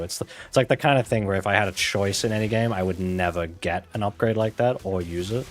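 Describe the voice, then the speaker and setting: A man with a lowish voice talking casually into a desk mic as he plays. He rambles, mutters asides and pokes fun at himself, often trailing off quietly. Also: a little fast, few pauses, soft background music. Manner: rambling, self-deprecating, mumbly asides. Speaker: gaming channel host. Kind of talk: casual gameplay commentary. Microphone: desk mic with webcam.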